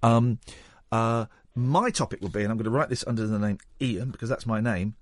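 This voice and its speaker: A man's voice: mid-range voice, a little fast, dry recording, studio quality. A man hosting a radio show in a playful, rambling, teasing way. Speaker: radio host. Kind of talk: casual radio chat. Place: radio studio.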